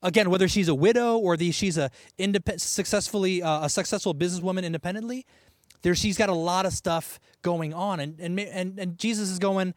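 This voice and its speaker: A man preaching a sermon in a conversational, animated way, with asides and laughs. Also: sits high, brisk, dry recording, clean studio sound. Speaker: pastor.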